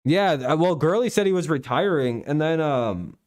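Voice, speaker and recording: A man's voice: on the high side, lively intonation, normal speed, a little mellow, no room sound, studio quality. Rambling, profane man on a live stream. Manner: rambling, profane, chuckling, with frequent restarts. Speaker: stream host. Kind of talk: casual live-stream chat.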